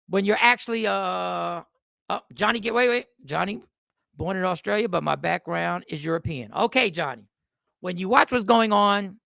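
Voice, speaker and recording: A man's voice: high-pitched, vocal fry, pushed and bright, no room sound, studio quality. A man hosting a casual livestream, talking animatedly to viewers and greeting them by name, repeating himself often. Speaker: livestream host.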